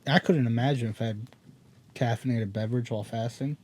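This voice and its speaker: A man's voice: medium pitch, fairly quick, darkish tone. A young man co-hosting a podcast, chatting casually and animatedly, laughing often, from an ice fishing shelter. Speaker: podcast co-host. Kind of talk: casual chat.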